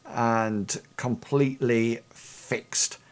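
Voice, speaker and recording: A man's voice: medium pitch, steady tone, extremely slow. A young man narrating a tabletop game as game master, hesitant and full of fillers and restarts.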